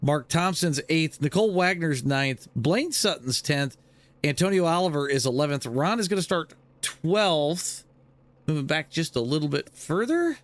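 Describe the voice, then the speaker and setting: A man's voice: fairly high pitch, expressive, moderate pace, no room sound. A man hosting a live sim racing broadcast, talking in an easygoing, joking way with many filler words. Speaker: race broadcast host.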